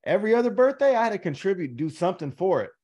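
Young guy on a podcast cracking crude jokes, kinda higher voice. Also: very animated, rapid-fire, a little mellow, husky. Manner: crude jokes, wry riffing. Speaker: podcast co-host. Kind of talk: casual podcast banter.

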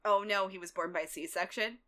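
A woman co-hosting a casual TV recap, animated, laughing often and swearing freely. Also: medium pitch, normal speed. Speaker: podcast co-host.

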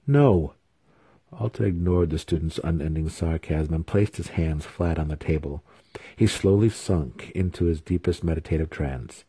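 A man reads a fantasy novel aloud at a measured, even pace of telling. His voice is deep and dark with a husky grain, and it sounds dry and close to the microphone. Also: no room sound. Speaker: audiobook reader.

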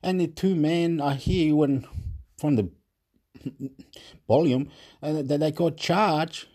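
A man's voice: a little high, mellow. A man ranting in a rambling monologue. He keeps repeating himself, stumbles over words and laughs now and then. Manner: repetitive, stumbling, frequent laughs; agitated, exasperated rant.

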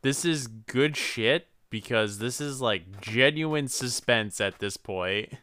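Slow, bright-voiced wry man. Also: medium pitch. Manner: slow, wry asides and frequent laughter. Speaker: podcast co-host. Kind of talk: casual comedic chat.

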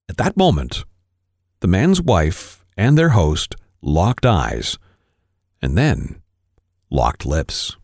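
A man with a low voice reads a story aloud for a podcast, his delivery rising and falling expressively. The mic is close and the sound is dry. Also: sing-song, very slow, vocal fry, pauses often, darkish tone, breathy edge, no echo. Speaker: podcast co-host. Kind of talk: reading an erotic story aloud.

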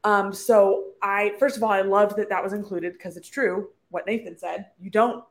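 A woman's voice: mid-range voice, steady tone, normal speed. A woman co-hosting a book podcast, talking in a chatty, reflective way with many fillers. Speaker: podcast co-host. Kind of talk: casual book-club chat.

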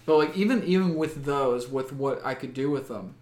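A man in casual conversation, excitable and profane, talking with lots of fillers. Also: medium pitch, normal speed, echoey room. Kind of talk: casual chat.

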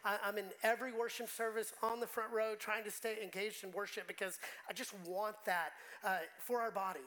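A man's voice: sits high, little pitch movement, brisk, sharp tone, low-quality recording. A man preaching a sermon as pastor, talking conversationally and emotionally, often restarting his words.

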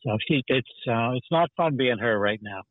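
A man calling in from his parked car to a podcast, chatting casually and joking in a relaxed way. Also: mid-range voice, moderate pace, no echo. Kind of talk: casual chat. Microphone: phone. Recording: tinny phone line.

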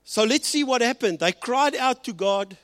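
Male pastor, bilingual sermon delivery, high expressive voice, dry close recording. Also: no room sound. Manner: switches between Afrikaans and English, slows and rises for emphasis.

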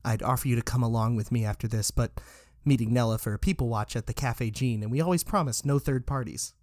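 A man voicing a bookish, probing young female cat in a story, with a light, higher-pitched questioning lilt. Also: fast talker, darkish tone, no echo, clean studio sound, close to an everyday voice. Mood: brisk.

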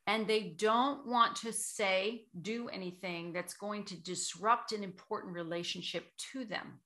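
A woman who coaches voice and public speaking, giving measured, explanatory answers as an interview guest. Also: medium pitch, bright, forceful tone.

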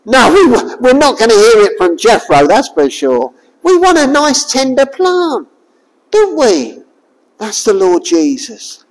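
A woman preaching a sermon, expressive and full of rhetorical questions to her listeners. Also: a little high, unhurried, long reverb tail, poor audio.

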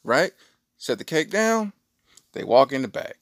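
A man's voice: on the high side, moderate pace, no echo, studio quality. A middle-aged man hosting a podcast, telling a rambling story in a casual, slangy way. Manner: animated, rambling, with slangy asides. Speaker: podcast host.

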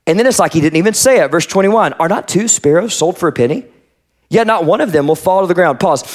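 Male pastor, high-pitched, chatty sermon delivery that acts out the verses he quotes. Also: animated, quick pace. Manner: conversational preaching, voices the scripture he quotes.

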